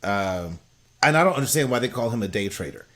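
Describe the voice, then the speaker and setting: A man's voice: lowish voice, animated, a little fast, fairly bright tone. An American man co-hosting a podcast, giving blunt, opinionated takes in casual chat. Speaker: podcast co-host.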